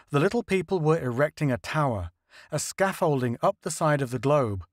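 A male audiobook narrator with a slightly high, lively voice that rises and falls through the prose. The sound is close and dry. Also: moderate pace, no echo. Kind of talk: scripted narration.

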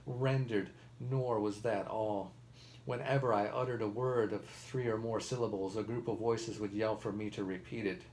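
A man reading a novel aloud, first-person narration told in a measured, steady way. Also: fairly low pitch, poor audio. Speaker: reader.

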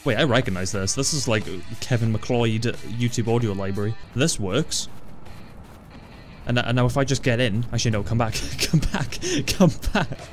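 A man giving excitable let's-play commentary, stammering, swearing and laughing often. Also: mid-range voice, moderate pace, faint music behind. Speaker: gaming channel host.

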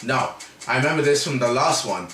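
An eighteen-year-old man doing excitable, frustrated let's play commentary, often shouting. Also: mid-range voice, brisk, echoey room, distant mic, a little hiss or hum. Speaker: gaming YouTuber.

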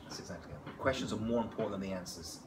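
A man who is a rabbi teaching a class, telling a story in an animated way, with joking asides and frequent "right?" to his audience. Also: lowish voice, fast. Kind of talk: lively storytelling lecture. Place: class room with a live audience. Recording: echoey room with background noise.

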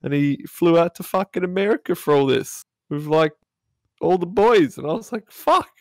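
A young man co-hosting a podcast in casual chat, laid-back and quick to swear. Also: on the high side, a little mellow, no echo, studio quality. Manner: laid-back, swears often, reacts with short interjections. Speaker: podcast co-host.

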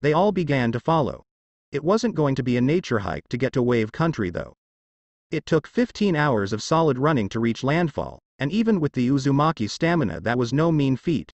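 A man's voice: mid-range voice, very animated, brisk, no room sound, highs cut off. A man reading fanfiction aloud as a storybook narrator, voicing every character.

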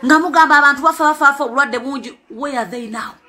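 A Ugandan woman speaks as a parent with urgent, emphatic conviction, often repeating her words to drive a point home. Her voice sits very high and rings brightly. She moves freely between two languages as she speaks. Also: very fast, slight background noise. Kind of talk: impassioned spoken appeal.

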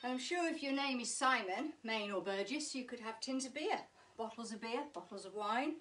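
A woman's voice: on the high side, lively intonation, moderate pace, a bit bright, far from the mic, a little hiss or hum. A woman teaching a live online fitness class, chatty and encouraging, joking as she works out and slightly out of breath. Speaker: pilates instructor.

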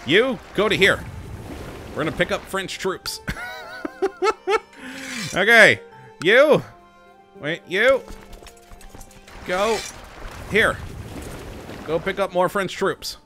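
Lively, frantic man playing a strategy game. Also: high voice, takes it slowly, pauses often, soft background music. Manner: frantic, self-mocking, talks to his units. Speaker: game commentator. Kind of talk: let's play commentary.

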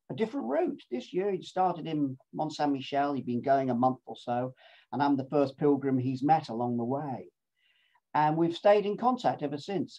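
A man's voice: on the high side, warm tone, dull audio. A man tells cheerful, self-mocking stories from a long cycling pilgrimage in a chatty, playful way. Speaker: speaker presenting his cycling pilgrimage. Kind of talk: casual storytelling talk with travel video clips.

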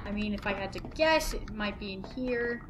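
A woman's voice: medium pitch, lively intonation, moderate pace, background noise. A woman commentating a horror game she is playing, swearing and frustrated, with sudden shrieks. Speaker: let's play gamer.

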